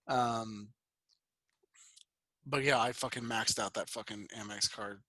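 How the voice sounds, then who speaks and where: A man's voice: on the low side, fairly even intonation, unhurried, long pauses, sharp tone, no room sound. A man in his twenties co-hosting a podcast over a video call, rambling casually and swearing freely. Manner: loose, profane, rambling storytelling. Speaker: podcast co-host. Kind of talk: casual chat.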